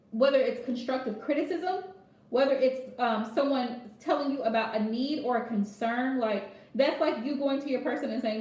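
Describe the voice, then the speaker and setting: This tarot reader's voice sits on the high side, a little mellow, with a reverberant sound. Giving casual advice in her vlog, she speaks bluntly and forcefully, hammering points home with "right?"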